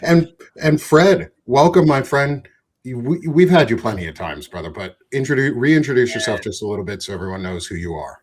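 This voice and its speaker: A man's voice: medium pitch, big pitch swings, a little fast. A man hosting a casual live chat, loose and joking, swearing freely. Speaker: host.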